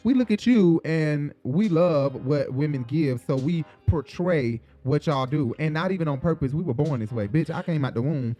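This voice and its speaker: A man's voice: fairly high pitch, lively intonation, normal speed, hardly any pauses, mellow, faint music behind. A man co-hosting a reality show recap podcast, blunt and outspoken and swearing freely. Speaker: podcast co-host. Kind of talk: casual reality TV recap chat.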